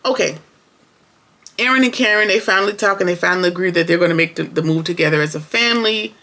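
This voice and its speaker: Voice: medium pitch, quick pace, pushed and bright. A show reviewer recapping an episode in casual, opinionated, slangy chat, talking straight to viewers.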